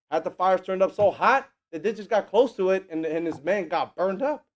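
A man delivers a casual, energetic sermon in a fairly high voice. He acts out the people in the stories with mocking, teasing voices and laughs often along the way. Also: a little fast. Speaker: preacher.

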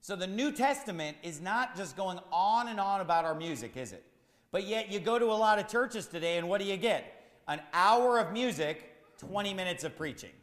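A man's voice: high-pitched, animated, normal speed, a bit bright, echoey room, big-room sound. A man preaching a sermon as pastor, firing rhetorical questions in a repetitive, emphatic cadence.

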